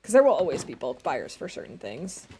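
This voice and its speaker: A woman's voice: low voice, big pitch swings, a little fast, dark tone, a little hiss or hum. A young woman streaming a survival game from home, chatting casually with viewers and laughing often. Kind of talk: casual gameplay commentary.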